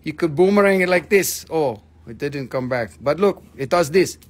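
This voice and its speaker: Male live-stream host with a slightly high voice. Goofy, joking and profane, in casual sales chat. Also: lively intonation, moderate pace. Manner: joking, goofy, swears freely.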